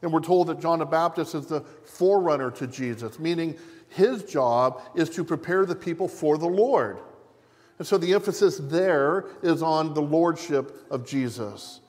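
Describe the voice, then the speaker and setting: A pastor giving a measured, deliberate sermon, repeating key phrases for emphasis. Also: male voice, fairly high pitch, animated, darkish tone, in a large hall. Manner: measured, deliberate preaching with repetition.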